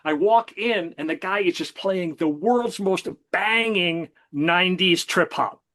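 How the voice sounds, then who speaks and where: A man co-hosting a music podcast, telling animated stories in a casual, enthusiastic way. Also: high-pitched, measured pace. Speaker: podcast co-host. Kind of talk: casual music chat and storytelling.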